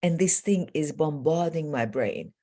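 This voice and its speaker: A middle-aged woman coach telling stories as an interview guest, animated and earnest with quick asides. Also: low voice. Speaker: transformational coach.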